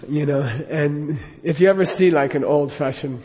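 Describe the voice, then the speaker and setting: A man's voice: a little high, moderate pace, darkish tone, big-room sound. A middle-aged man telling a personal anecdote in a rambling way, with lots of fillers and chuckles. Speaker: storyteller.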